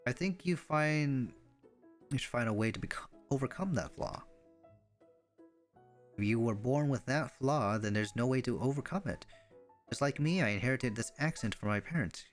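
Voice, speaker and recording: A man reading the part of a poised young woman idol who speaks in a calm, measured way. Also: medium pitch, soft background music, natural voice.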